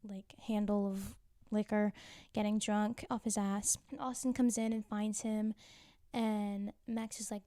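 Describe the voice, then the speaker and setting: A woman's voice: medium pitch, little pitch movement, unhurried, dark tone, no room sound, studio quality. A woman recapping TV episodes in a chatty, wry way, full of casual filler and teasing asides. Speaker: TV show recapper.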